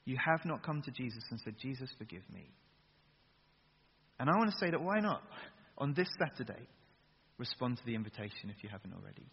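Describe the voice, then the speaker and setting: In a large hall, an earnest man preaches and leads a youth audience in prayer, swinging between loud urging and soft, hushed lines and leading the crowd in call-and-response. His medium-pitched, breathy voice is lively and fast, captured on a dull lo-fi recording with long hall reverb.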